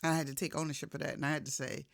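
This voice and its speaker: A woman giving a faith-based motivational talk in a casual, conversational way, shifting from soft reflection to emphatic storytelling. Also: deep voice, level tone, rapid-fire, gravelly, dry recording, studio quality. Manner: casual, conversational, addresses listener directly. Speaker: motivational speaker.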